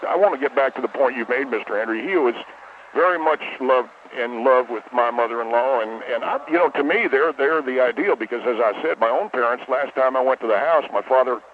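Casting: jittery, stammering male caller, tinny phone line with faint hiss. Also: mid-range voice. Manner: nervous, stammering, halting.

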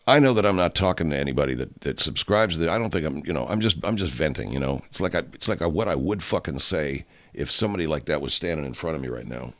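An older man in a profane, angry rant, swinging from loud outbursts to quiet, low stretches. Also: lively intonation, fast talker, few pauses. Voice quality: heavy swearing, loud outbursts. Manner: ranting, rising into shouting then dropping low.

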